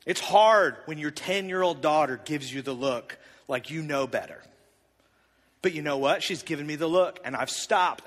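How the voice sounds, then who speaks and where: A man in his thirties telling a personal story in a sermon, animated and confessional, with big swings in volume. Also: a little high, moderate pace, in a large hall.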